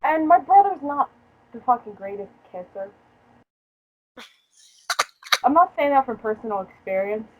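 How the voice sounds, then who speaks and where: A young woman chatting casually as a podcast host, her voice pitched a little high. She tells her story in a profane, joking way and breaks into laughter often. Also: sing-song, fairly quick, phone-quality sound, a little hiss or hum. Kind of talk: casual chat.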